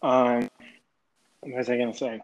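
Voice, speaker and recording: A man's voice: medium pitch, flat delivery, measured pace, slight background noise, poor audio. A man chatting casually with a friend, teasing him and swearing freely. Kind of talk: casual chat.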